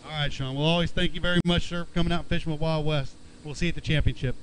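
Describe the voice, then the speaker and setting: A man's voice: on the high side, steady tone, racing, a little hiss or hum, poor audio. A man emceeing an outdoor fishing weigh-in, announcing weights and chatting chummily with each angler. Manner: upbeat, chummy, calls anglers bud. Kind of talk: live announcing with banter.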